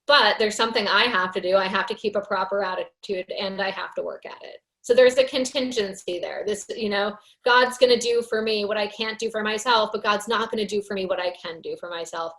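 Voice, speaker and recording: A woman's voice: medium pitch, fairly quick, hardly any pauses, a bit bright. A woman leading a recovery workshop, teaching in a casual, earnest way, full of "you know" fillers, and reading aloud from a book. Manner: conversational, many fillers, earnest.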